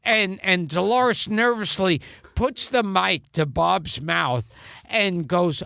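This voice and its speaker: A man's voice: high voice, slow, vocal fry, sharp tone, clean tone, no room sound, clean studio sound. A man telling comic show-business anecdotes in casual chat, stammering and restarting as he acts out quotes. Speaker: comedian guest.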